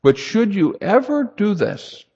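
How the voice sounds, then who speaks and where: A man preaching a sermon to a congregation, emphatic and animated, rising high for emphasis and dropping low and quiet. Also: unhurried, husky. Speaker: pastor. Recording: lo-fi recording in a reverberant hall.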